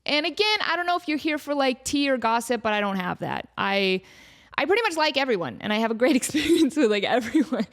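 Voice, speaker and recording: A bubbly woman in her thirties hosts her own solo podcast in a high, brisk voice. She chats casually with lots of "like" fillers and playful asides, jumping into excited voices when she tells stories.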